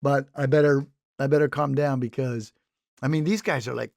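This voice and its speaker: A man's voice: mid-range voice, fairly even intonation, normal speed, vocal fry, darkish tone, no echo, clean studio sound. A man co-hosting a snack podcast in casual chat, rambling and jokey with many restarts. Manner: rambling, self-interrupting, jokey bits. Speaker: podcast co-host.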